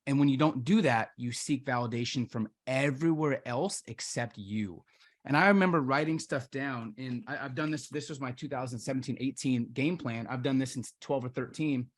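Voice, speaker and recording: A man's voice: medium pitch, normal speed. A man hosting a podcast interview, talking in an enthusiastic, reflective way. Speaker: podcast host. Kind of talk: interview conversation.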